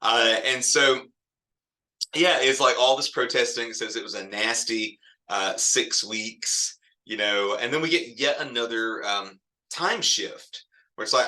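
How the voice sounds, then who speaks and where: A man's voice: mid-range voice, unhurried, pushed and bright. A man teaching a literature lesson in a casual, digressive way, often chuckling at the story. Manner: chatty, digressive, laughs often. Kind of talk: casual classroom lecture.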